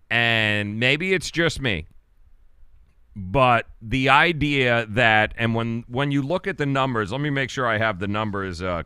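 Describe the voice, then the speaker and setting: A man hosting a sports talk show, venting about a game in a loose, rambling way. His voice is bright and clear. The sound is dry and close, with no room behind it. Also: mid-range voice, dry recording. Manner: rambling, exasperated, frequent restarts. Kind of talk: casual sports commentary.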